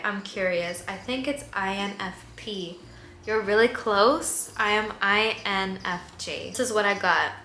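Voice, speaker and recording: A woman's voice: medium pitch, sharp tone. A young woman in her twenties chatting casually to camera in a Q&A vlog, saying "like" a lot. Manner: chatty, tearful at times, lots of "like". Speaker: vlogger. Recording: echoey room, faint cricket noise. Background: faint crickets.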